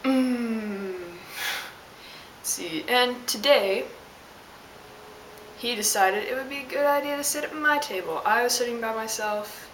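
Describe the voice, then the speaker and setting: A woman's voice: a little high, normal speed, fairly bright tone. A young woman telling an exasperated, sassy story as a casual vlog rant. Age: young adult. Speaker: vlogger. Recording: roomy, distant mic with hiss.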